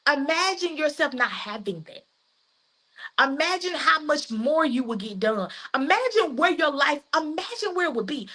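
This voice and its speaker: A woman's voice: high voice, a bit bright. A woman with a Southern US accent giving an emphatic, repetitive live-stream coaching talk in folksy phrasing. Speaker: life coach.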